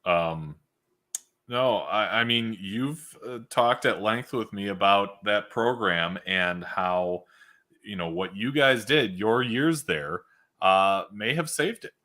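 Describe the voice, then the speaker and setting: Bright-voiced male host, halting. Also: fairly low pitch. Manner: halting, repeats words when starting. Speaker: podcast host. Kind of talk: casual interview chat.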